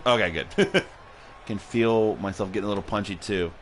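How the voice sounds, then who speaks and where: A man's voice: fairly low pitch, normal speed, slight background noise. A man hosting a livestream, casually commentating a video game match, rambling and joking, laughing often and swearing, a little tipsy and punchy.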